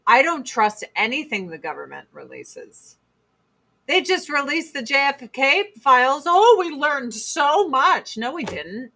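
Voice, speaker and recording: A bright, high-pitched woman in her forties holds forth on a casual livestream. She talks bluntly and profanely, slipping into mocking impressions of other people mid-rant. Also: a little slow. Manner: blunt, profane, animated rants with mocking put-on quotes. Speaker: livestream host.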